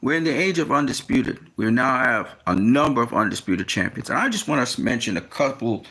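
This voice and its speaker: Gravelly man rambling about boxing. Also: mid-range voice, animated, pushed and bright. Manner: rambling, pauses to recall names. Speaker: boxing commentator. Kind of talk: casual monologue.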